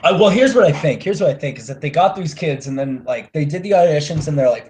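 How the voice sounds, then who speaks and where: Profane, ranting young man, fairly high voice. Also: lively intonation, fast talker, slight background noise. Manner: profane, ranting, swings between loud and mumbled. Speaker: podcast co-host. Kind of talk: casual movie podcast chat.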